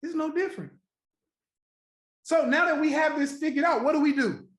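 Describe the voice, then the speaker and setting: A man hosting a trading livestream, chatting casually and profanely with viewers, joking, laughing often and repeating his points slowly. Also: very high-pitched, fairly even intonation, fairly bright tone. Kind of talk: casual live-stream chat with viewers. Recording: roomy echo.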